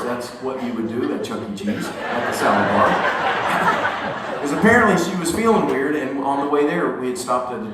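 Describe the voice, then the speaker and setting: A middle-aged singer-songwriter telling an animated, joking story to a concert audience between songs. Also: male voice, medium pitch. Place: theater stage. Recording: echoey hall recording from far off.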